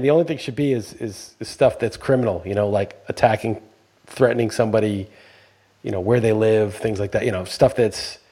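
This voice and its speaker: A man's voice: lowish voice, warm tone, husky. A man co-hosting a casual podcast chat, blunt and profane, working himself into heated rants. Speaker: podcast co-host.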